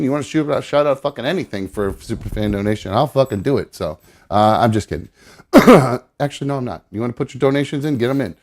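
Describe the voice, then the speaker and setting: A middle-aged man hosting a live show, chatting loosely, rambling and swearing casually. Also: medium pitch. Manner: rambling, swears casually, coos at his dog. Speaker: podcast host. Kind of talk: casual live-stream chat.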